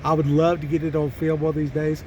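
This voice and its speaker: A truck driver vlogs from his cab parked on a mountain pass, telling rambling, folksy stories in a country drawl full of fillers and restarts. His voice is on the high side and darkish, delivered quickly and completely flat, with a little hiss or hum in the background.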